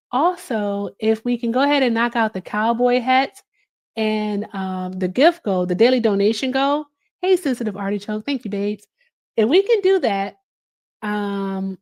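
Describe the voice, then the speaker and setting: A woman in casual chat as a livestream host, animated and answering viewer comments as she talks. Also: mid-range voice.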